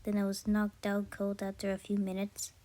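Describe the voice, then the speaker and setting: A woman narrating a first-person story aloud in an amateur way, halting often and correcting herself mid-sentence. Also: mid-range voice, monotone, dark tone. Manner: halting, frequent self-corrections. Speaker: story reader.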